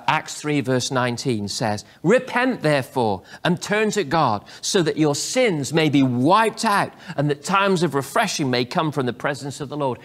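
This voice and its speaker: A man with a mid-range voice preaches a sermon as a pastor. He acts out quoted prayers and dialogue, swinging lively in his delivery.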